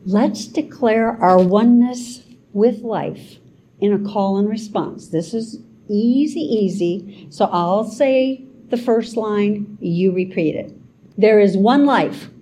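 A woman minister giving a spiritual talk in an expressive, dramatic way, with exclamations and call and response. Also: a little high.

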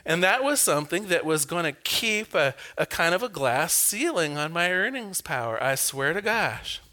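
A man's voice: on the high side, moderate pace. A man giving a reflective personal talk about beliefs, telling anecdotes with laughter and rhetorical questions. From Pacific Northwest, US. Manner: anecdotal, animated storytelling with laughs.

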